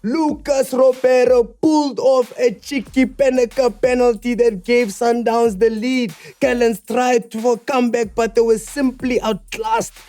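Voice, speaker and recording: A man's voice: very high voice, steady tone, a little slow, hardly any pauses, warm tone, soft background music. A man playing a cocky male sports news reporter in a spoof bulletin, with a punchy mock-broadcaster delivery. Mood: hyped. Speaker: comedy podcast host.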